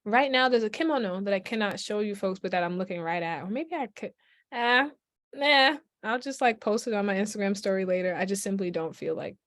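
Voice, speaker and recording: A woman's voice: mid-range voice, fairly quick, no echo, studio quality. A woman from Brooklyn, chatting animatedly as a guest on a video call, full of "like" and "yo". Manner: animated, lots of "like" and "yo", laughs often. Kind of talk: casual chat on a video call.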